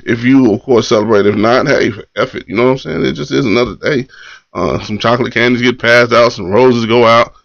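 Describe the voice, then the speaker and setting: A man's voice: medium pitch, a little fast, vocal fry, fairly bright tone, dry recording. A man hosting a morning poetry live stream, chatting casually and loosely with slang, greeting viewers and reading their comments. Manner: laid-back, loose slang, repeats phrases. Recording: dull lo-fi live stream audio.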